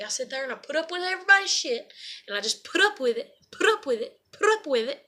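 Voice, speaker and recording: A woman's voice: high-pitched, sing-song, fast talker, pushed and bright. A woman, venting to camera in a profane, repetitive rant. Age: adult parent. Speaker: vlogger. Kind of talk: emotional venting monologue.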